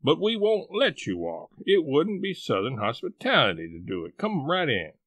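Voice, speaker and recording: A man voicing a kindly old Southern gentleman, hospitable and gently insistent. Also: on the high side, huge pitch swings, moderate pace, dry recording, full character voice.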